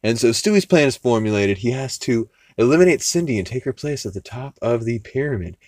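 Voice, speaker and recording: A man's voice: medium pitch, lively intonation, brisk, darkish tone, dry recording. A man hosting a podcast, casually recapping an episode in a rambling, profane way with many fillers and restarts. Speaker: podcast host.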